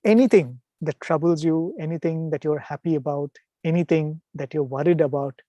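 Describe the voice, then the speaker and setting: A man tells devotional stories as a guest speaker. His voice is warm and mellow, recorded dry and close. He speaks in an animated way and keeps checking in with the audience. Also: a little high, normal speed, dry recording. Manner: animated storyteller, asks "right?" to the audience. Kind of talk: devotional storytelling talk.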